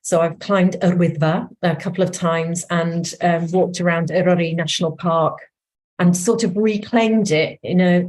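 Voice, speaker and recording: A woman from North Wales, speaking with a North Welsh accent, talks about her own writing. Her voice sits a little low. She is animated, laughs often and fills pauses with ums. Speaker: memoir author and former editor. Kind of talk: conversational interview answers.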